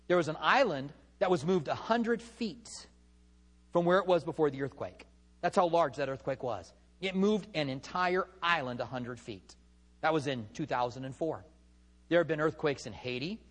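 This middle-aged male pastor, whose voice is fairly high-pitched, preaches conversationally. His sermon mixes scripture with humorous personal stories.

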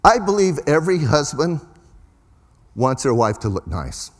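A man's voice: on the high side, very animated, a little slow. Folksy male pastor in reverberant hall. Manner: conversational, folksy preaching with emphatic rises. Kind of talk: sermon.

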